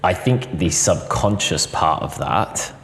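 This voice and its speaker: An Australian man talks as an interview guest in an earnest, expressive way, stacking up repeated phrases. His voice sits slightly low. The room adds long, echoing reverb. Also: slow pace, vocal fry, slight background noise. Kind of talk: heartfelt personal interview. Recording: roomy hall reverb.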